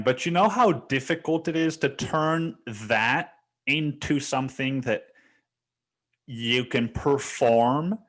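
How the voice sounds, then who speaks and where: A young man talks alone on his podcast in a loose, rambling way. He swears freely and keeps dropping "dude" and "like" as he goes. His voice sits at an ordinary middle pitch for a man. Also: fairly bright tone. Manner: rambling, swears a lot, says "dude" and "like" often. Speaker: podcast host. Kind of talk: casual solo podcast monologue.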